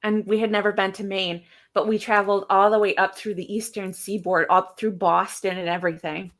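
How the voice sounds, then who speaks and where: A woman in her thirties from Michigan, co-hosting a casual podcast and telling stories at an unhurried pace. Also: medium pitch, little pitch movement. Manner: unhurried storyteller, reads old notes aloud. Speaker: podcast co-host. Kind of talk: casual chat.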